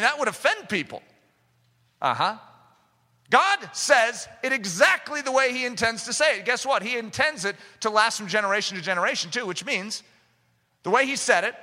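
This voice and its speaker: A man preaching a sermon with fervor, rising to shouts and mimicking the voices of doubters. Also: high voice. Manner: impassioned, rising to shouts, acting out skeptics' voices. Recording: long reverb of a large hall.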